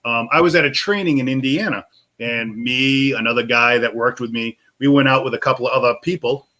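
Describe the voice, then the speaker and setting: A man with a thick Boston accent co-hosts a live whiskey show, chatting loosely and spinning animated stories. His voice is bright and forward, with a middling pitch. He jumps into quick asides as he goes. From Boston area. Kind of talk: casual chat.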